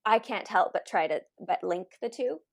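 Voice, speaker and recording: A woman co-hosts a relaxed podcast chat, her voice full of gravelly fry at a mid-range pitch. She talks reflectively, meandering through her memories. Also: moderate pace. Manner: reflective, rambling, recalls memories. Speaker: podcast co-host and medium. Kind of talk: casual chat.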